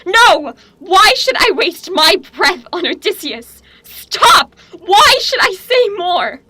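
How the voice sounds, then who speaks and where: Young woman doing a raving prophet princess, stage tragedy, bright voice, drags out her lines. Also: very high-pitched, expressive, slow pace, dry recording, exaggerated voice. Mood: frenzied. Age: young adult. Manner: frenzied outbursts and anguished cries. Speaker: student actor.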